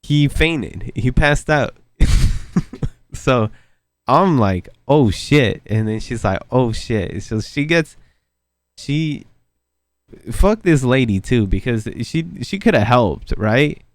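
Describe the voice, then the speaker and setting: A man's voice: mid-range voice, animated, takes it slowly, pauses often, dry recording. A young man telling a casual, slangy story with plenty of swearing, often breaking into laughter at his own telling. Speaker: vlogger.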